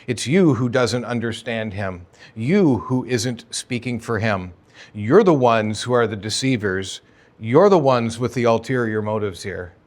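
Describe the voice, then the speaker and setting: A man's voice: medium pitch, animated, a little slow, a little mellow. A man preaching a sermon as pastor of a church, conversational and emphatic, with sudden rises and drops in energy. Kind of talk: expository sermon. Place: church sanctuary.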